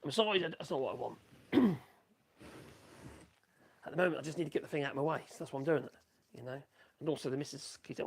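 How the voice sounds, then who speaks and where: Gravelly bloke, husky, chatting away in his workshop. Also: fairly high pitch, quick pace, long pauses. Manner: rambling, chatty, muttering asides to himself. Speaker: woodworking livestream host. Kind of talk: casual chat while working.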